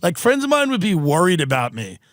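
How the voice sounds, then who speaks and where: Here a man with a high-sitting voice talks briskly on his Southern California podcast, spinning funny, profanity-laced stories and impersonating the people in them. The recording is dry, with clean studio sound.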